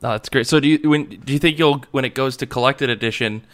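A male podcast host with a mid-pitched voice who talks in an easygoing, casual way. His questions wander a little before they land. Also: quick pace, a bit bright.

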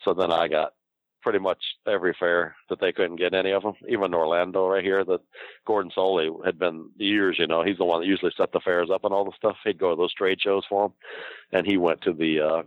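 Fast-talking deep-voiced older man. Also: steady tone, dry recording. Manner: rambling, profane, laughs often. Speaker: guest recounting wrestling career. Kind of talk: casual storytelling. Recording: dull lo-fi dry recording.

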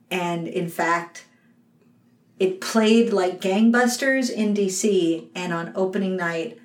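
Animated woman recapping a musical. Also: lowish voice, slow pace. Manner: animated, acts out lines from the show. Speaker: podcast co-host. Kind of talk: casual chat. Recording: roomy, slightly distant mic.

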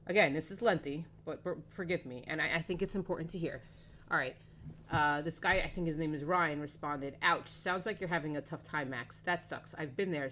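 Woman, lowish voice, casual read-aloud, slangy and profane, hesitant asides, faint hum behind. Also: a bit bright. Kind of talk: reading an online post aloud in a casual conversation.

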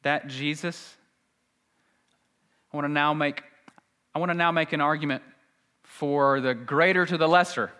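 Guy preaching a sermon, brightish fairly high voice, goes quiet then urgent. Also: steady tone, a little slow, pauses often, clear, resonant tone. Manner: dynamic preaching, drops to soft intense lows and rises to urgent pleading. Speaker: pastor.

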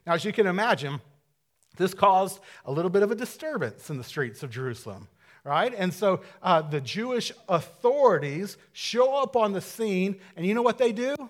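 A man preaching a sermon in a conversational, dynamic way, dropping to a hush and then rising to loud emphasis, with casual asides and quick self-corrections. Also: high voice, expressive. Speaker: pastor.

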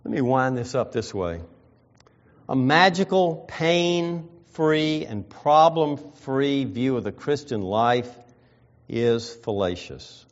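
A man preaching a sermon, reading scripture and slowing down to stress key phrases. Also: medium pitch, animated. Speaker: pastor. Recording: dull lo-fi sound.

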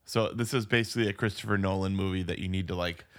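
A man co-hosting a podcast, joking and chiming in with quick agreement. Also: deep voice, fairly even intonation, a bit bright. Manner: lots of short agreeing replies, jokey. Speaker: podcast co-host. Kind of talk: casual movie-review chat.

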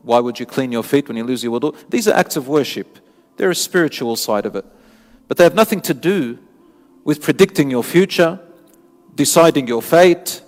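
A man's voice: medium pitch, lively intonation, moderate pace. A man delivering an earnest, emphatic Islamic sermon, repeating phrases for stress. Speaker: Islamic preacher. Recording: long hall reverb, faint music.

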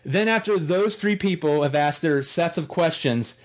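On his podcast, a man with a voice on the high side tells a story at normal speed. He rambles casually through an animated retelling, dropping the odd swear word.

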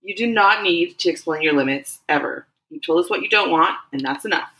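A woman voicing a firm, wry female character in a slightly low voice. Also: brisk, pushed and bright.

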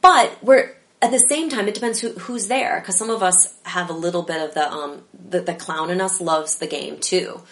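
A woman talking casually as an interview guest about improv, animated and rambling with lots of fillers. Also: on the low side, normal speed.

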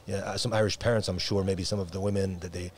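A man from America, an imam, chatting quickly and animatedly, full of restarts and Arabic phrases. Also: deep voice, little pitch movement, slight background noise. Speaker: imam and preacher. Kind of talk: casual podcast conversation.

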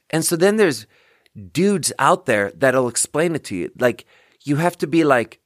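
A man's voice: mid-range voice, animated, moderate pace, dry recording, studio quality. A man in his thirties, hosting a podcast, rants in a loose, self-mocking way and swears often. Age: 30s. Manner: self-deprecating, swears freely, jumps between thoughts. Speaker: podcast host. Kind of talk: casual comedic rant.

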